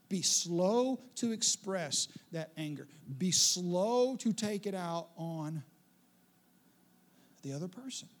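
A man preaching a sermon in an animated way, with playful asides and acted-out quotes. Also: high-pitched. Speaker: pastor.

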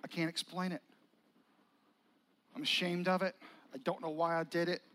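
A man's voice: on the high side, level tone, normal speed, a bit bright, lightly acted. A man voicing an ashamed grown man disciple who earnestly pleads and confesses in a broken-up way. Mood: pleading.

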